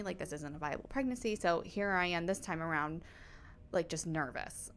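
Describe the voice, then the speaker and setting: A woman's voice: on the low side, pushed and bright, slight background noise. A woman in her thirties, a podcast guest, telling a personal story in casual, emotional chat, full of "like" and "you know". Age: 30s. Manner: emotional storytelling with many likes and you-knows.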